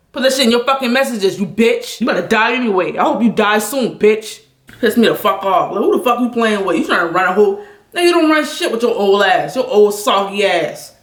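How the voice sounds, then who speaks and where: A woman angrily venting a story on a livestream, talking loud, blunt and full of profanity. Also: on the high side, expressive, a little fast, roomy sound.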